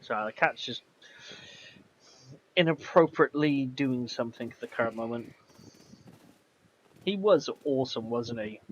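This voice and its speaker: A man's voice: mid-range voice, a little slow, pauses often, a little hiss or hum. A man streaming a video game, chatting casually and rambling as he reads and answers his chat. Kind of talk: casual gameplay commentary. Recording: slightly dull, faint background music.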